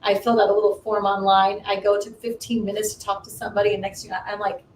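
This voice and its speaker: Animated woman in her fifties, roomy echo. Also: quick pace. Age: 50s. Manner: animated, acts out quoted voices with big swings in pitch. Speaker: co-host. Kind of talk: casual storytelling chat. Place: home live stream. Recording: roomy echo, distant mic, faint noise.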